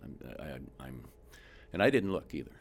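A man who works as a home inspector, telling animated stories in a casual interview and acting out the people he quotes. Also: a bass voice, normal speed, slight background noise. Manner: animated storyteller, acts out quotes, frequent restarts.

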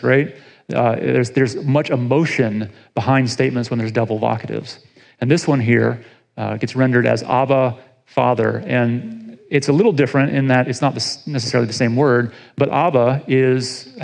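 A man's voice: medium pitch, gravelly, a little mellow, rough recording. A man preaching a sermon in a conversational teaching style, often restarting and checking in with listeners. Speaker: pastor.

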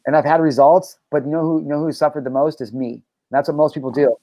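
Fast-talking, intense, profane male host. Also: on the high side, fairly even intonation, no echo, muffled recording. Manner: intense, swears freely, preachy. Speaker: podcast host and life coach. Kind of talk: passionate, profane monologue.

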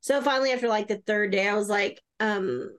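A woman's voice: medium pitch, fairly quick, smooth. A woman guest who works as an energy healer, talking in an enthusiastic, chatty way. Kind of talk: casual interview conversation.

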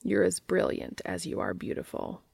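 A woman voicing a tender, adoring adult man in a romance story read aloud, speaking softly and earnestly. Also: on the low side, sing-song, normal speed, gravelly, husky, no echo, exaggerated voice. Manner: soft, hushed and earnest.

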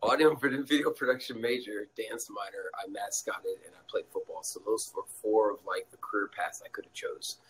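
A young man telling a story as a guest in a casual interview, animated and laughing often, acting out quotes in a high voice. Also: moderate pace, hardly any pauses, a little hiss or hum, poor audio.

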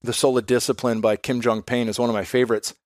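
A man's voice: mid-range voice, little pitch movement, quick pace, no room sound, clean studio sound. A man in his thirties, a podcast guest and father, talking in a candid, reflective way and swearing casually.

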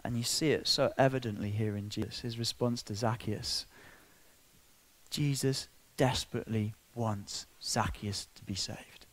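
A man preaching a sermon, building to emotional peaks then dropping to a hush. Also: medium pitch, fairly even intonation, measured pace. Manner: impassioned, swinging between soft and loud.

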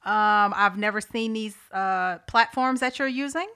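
A woman's voice: mid-range voice, measured pace, pushed and bright, clean tone. A woman hosting a podcast in casual chat, upbeat and chatty, eagerly asking her listeners to reach out. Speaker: podcast host.

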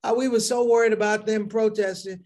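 Brief: middle-aged male comic, high voice, animated storyteller who acts out characters. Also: a little fast. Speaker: comedian. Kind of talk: stand-up comedy.

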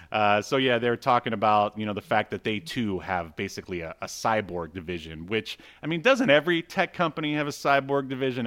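Male podcast co-host, lowish voice, loose filler-heavy comic chat. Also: fairly quick, hardly any pauses, fairly bright tone, smooth. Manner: rambling, lots of fillers, reads dialogue aloud. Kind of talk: casual comic book chat.

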